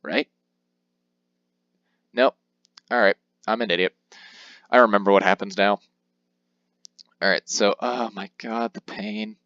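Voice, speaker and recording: A man with a fairly low voice chats his way through a video game, joking at his own expense and wandering off on asides. The recording is dry and close, with a slightly muffled, lo-fi tone. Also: steady tone, unhurried, pauses often, fairly bright tone, no room sound. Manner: self-mocking, rambling, jokey asides. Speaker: let's play commentator. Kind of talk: casual game commentary.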